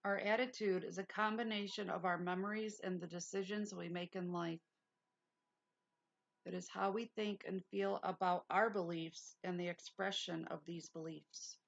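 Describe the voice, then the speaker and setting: A woman's voice: on the low side, fairly even intonation, normal speed, creaky, lo-fi sound. A woman hosting a casual livestream lesson, reading notes aloud and breaking off into chatty asides. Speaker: livestream host.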